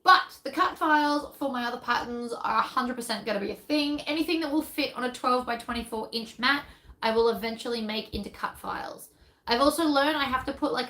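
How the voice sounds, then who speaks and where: A woman's voice: fairly high pitch, fairly bright tone, low-quality recording. A woman, a pattern designer chatting casually and rambling as she thinks aloud during a live stream.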